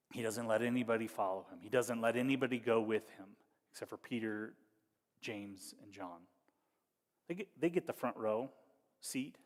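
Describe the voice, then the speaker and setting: Man, pastor, sermon, conversational, wry, hushed to animated, middle pitch, long hall reverb. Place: church hall.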